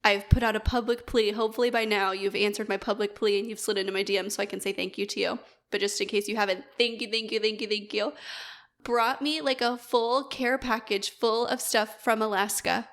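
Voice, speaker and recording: A woman's voice: medium pitch, steady tone, fairly quick, fairly bright tone. A woman co-hosting a podcast, telling a story in a bubbly, gushing casual way. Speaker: podcast co-host. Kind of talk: casual chat.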